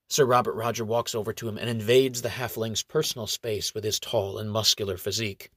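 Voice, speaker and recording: A man reading a story aloud in an even, steady narrating voice. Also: fairly low pitch, brisk, no room sound, studio quality.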